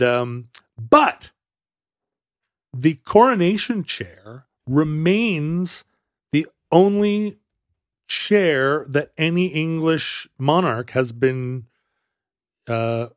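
A man co-hosting a podcast, telling a history story in a casual, halting way with frequent restarts. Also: on the high side, lively intonation, no echo, clean studio sound. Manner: halting, many restarts and fillers, wry. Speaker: podcast co-host.

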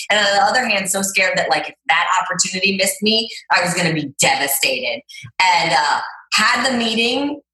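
A woman's voice: mid-range voice, sharp tone. Chatty woman, roomy echo. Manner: chatty, full of "like" fillers. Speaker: guest, fitness trainer. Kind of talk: casual storytelling interview.

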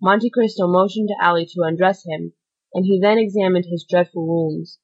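A woman's voice: on the low side, brisk, husky, dull audio. Woman narrating an audiobook. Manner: steady, even storytelling.

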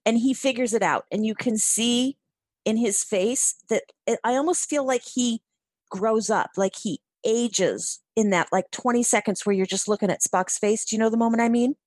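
Woman co-host, a bit high, dry close sound, emotional and gushing. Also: normal speed, a little mellow, no echo. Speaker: podcast co-host. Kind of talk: casual chat.

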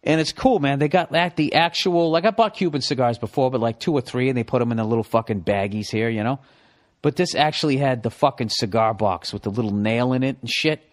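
A middle-aged man with a Boston accent, hosting a podcast with a profane, animated comedic ramble. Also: mid-range voice, brisk. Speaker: podcast host.

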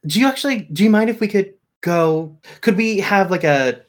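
A man's voice: high voice, lively intonation, moderate pace, pitched above the performer's own voice. A man doing an awkward rambling young guy. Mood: nervous. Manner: stammering, rambling.

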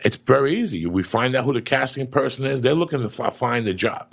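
A middle-aged man hosting a casual chat, a profane and animated storyteller with a gravelly, husky voice. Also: mid-range voice, fairly quick.

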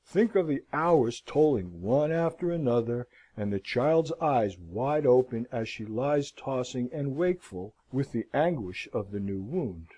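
A man narrating a classic novel as an audiobook, in an expressive, wry storytelling manner. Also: mid-range voice, unhurried, few pauses, breathy edge.

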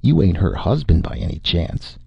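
A man voicing a burly, blunt middle-aged farmer who talks in a drawling, gruff way. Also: low voice, wildly swooping pitch, moderate pace, darkish tone, no room sound, muffled recording, exaggerated voice.

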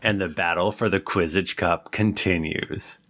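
A man's voice: deep voice, steady tone, takes it slowly. A man co-hosting a podcast, reading the outro credits in a dry, plain way. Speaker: podcast co-host. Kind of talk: casual chat and show outro. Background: loud music.

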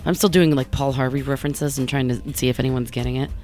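A woman's voice: very deep voice, fairly even intonation, quick pace, darkish tone, soft background music. A woman co-hosting a radio show, chatting casually, teasing and laughing often. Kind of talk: casual chat.

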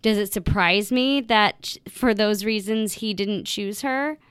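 A woman co-hosting a podcast in casual chat, gushing and animated, with lots of "like". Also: medium pitch, measured pace, smooth. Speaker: podcast co-host.

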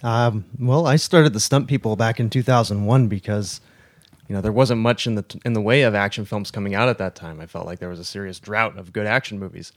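A man's voice: fairly low pitch, fairly quick. A man, a guest filmmaker, earnestly explaining how he got started in an interview. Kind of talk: interview answer.

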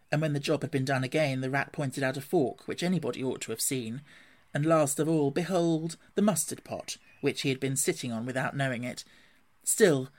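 A man reading a classic storybook aloud in an expressive, gently animated way. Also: fairly high pitch. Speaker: narrator.

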